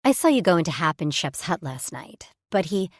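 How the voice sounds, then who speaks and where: A woman's voice: lowish voice, very animated, normal speed, no echo, studio quality. A woman voicing a bubbly, nosy young woman who eagerly wheedles for gossip in an audiobook. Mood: eager teasing.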